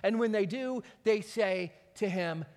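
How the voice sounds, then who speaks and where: A man preaching a sermon, retelling a story with animated, dramatic delivery. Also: high-pitched, unhurried, long reverb tail. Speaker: pastor.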